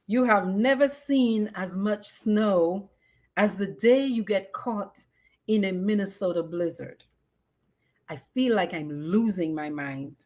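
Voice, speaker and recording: Woman in her 50s hosting a podcast, talks really slow and expressive, mixes in creole bits. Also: medium pitch. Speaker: podcast host. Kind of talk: reading a personal memoir, then casual chat.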